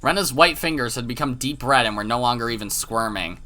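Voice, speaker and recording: A man hosting a let's play, reading a visual novel's narration aloud with dramatic flair. His voice is bright and forward, and he breaks off now and then for crude asides and trips over the odd word. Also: mid-range voice, a little fast.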